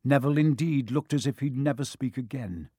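A man's voice: mid-range voice, fairly quick, dark tone, slightly rough, dry recording, clean studio sound. A man narrating a children's fantasy audiobook with dramatic storytelling. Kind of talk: audiobook reading.

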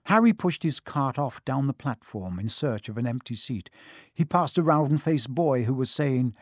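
A man reading a novel aloud as an audiobook narrator, in a measured storytelling manner. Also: mid-range voice, darkish tone, no room sound, studio quality. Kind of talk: scripted narration.

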